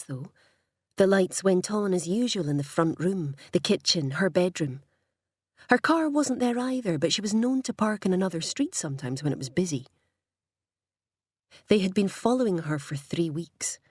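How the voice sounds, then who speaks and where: A woman reading a crime novel aloud in measured, wry scripted narration. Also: lowish voice, husky, no room sound, clean studio sound. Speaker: audiobook narrator.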